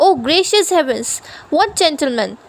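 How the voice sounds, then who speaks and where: A woman's voice: sits high, big pitch swings, normal speed. A woman reading as a distraught young woman. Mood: distressed. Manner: crying out, distressed. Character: distraught young woman searching for her brother.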